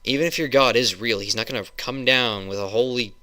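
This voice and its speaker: A man's voice: mid-range voice, fairly quick, pushed and bright. A man in his early twenties ranting heatedly into a webcam, rambling with many restarts and swearing. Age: 20s. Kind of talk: webcam rant.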